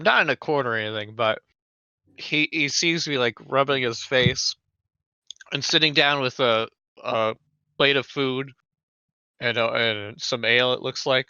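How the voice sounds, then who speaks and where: Bright, crisp-voiced man running a game. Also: medium pitch, no room sound, muffled recording. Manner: loose, laughing, crude narration with many fillers. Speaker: game master. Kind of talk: narrating a tabletop game.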